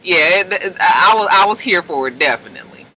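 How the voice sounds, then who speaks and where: A man recapping a TV episode in a chatty, animated way. He acts out the characters' lines and calls his viewers "honey.". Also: high voice, a little fast, poor audio. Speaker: TV episode reviewer. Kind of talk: casual TV recap.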